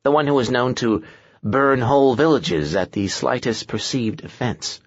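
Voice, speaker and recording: A man's voice: medium pitch, moderate pace, no room sound, highs cut off, lightly acted. A man voicing a pedantic, precise male scholar in an audiobook, who speaks with dry gloom.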